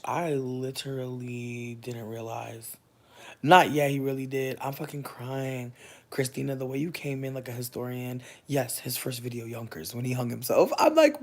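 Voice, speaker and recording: Loud profane woman in her thirties. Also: very deep voice. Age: 30s. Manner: loud, profane, laughing, talks to chat. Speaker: livestream host. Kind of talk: casual livestream chat with viewers.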